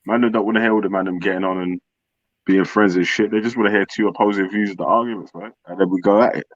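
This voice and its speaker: A man's voice: on the low side, steady tone, quick pace, no echo. A man in casual podcast chat, teasing and laughing a lot. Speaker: podcast co-host. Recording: dull lo-fi audio.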